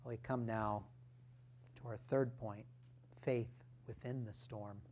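A male pastor preaching a sermon, deliberate and emphatic, with rhetorical questions and firm points. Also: on the low side, steady tone, a little mellow, slight background noise.

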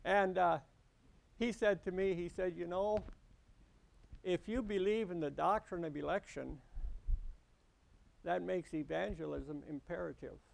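Man, preacher, high voice, gravelly, slow deliberate sermon delivery. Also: steady tone.

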